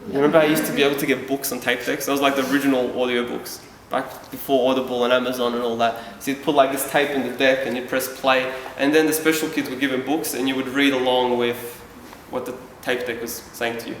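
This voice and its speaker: A man's voice: medium pitch, little pitch movement, quick pace, few pauses, a little hiss or hum. A man from Yugoslavia telling a personal story to a live audience, speaking candidly and casually with self-deprecating asides. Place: event hall. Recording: echoey hall from far off.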